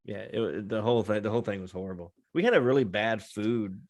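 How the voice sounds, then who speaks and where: A man's voice: fairly low pitch, fast talker, a little mellow. Laid-back swearing podcast co-host, man. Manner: laid-back, swears freely, laughs often. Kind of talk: casual banter.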